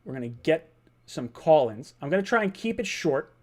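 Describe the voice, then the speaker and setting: A young man hosting a live sports fan stream, his voice pitched a little high for a man. He talks fast and excitedly, restarting sentences as he thinks aloud and reading out viewer messages. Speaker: host of a fan livestream. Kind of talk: excited livestream sports talk.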